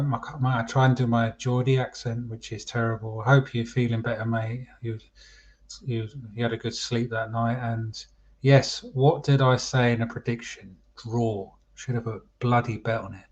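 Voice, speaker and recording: A man hosting a casual football chat livestream, chatty and calling his viewers mate. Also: mid-range voice. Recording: dull lo-fi stream audio.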